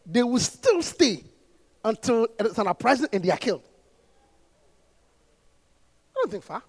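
A man preaching a sermon as pastor, repeating phrases, calling out to the congregation and rising to impassioned shouts. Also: very high-pitched, very animated, a little slow, breathy edge. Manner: repetitive, call-and-response preaching.

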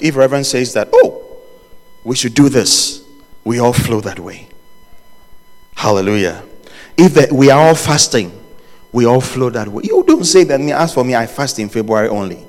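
A man preaching a sermon as pastor, swinging from quiet low passages to loud, shouted lines, with jokes and laughter for the congregation. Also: big-room sound. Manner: animated, rising to shouts and dropping low.

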